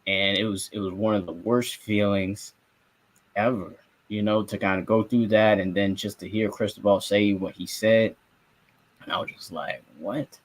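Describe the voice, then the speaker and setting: A young man from South Florida, who co-hosts a sports podcast and works as a reporter, tells a story in casual sports talk. He acts out his own reactions and swears freely, speaking at normal speed in a fairly low, level voice.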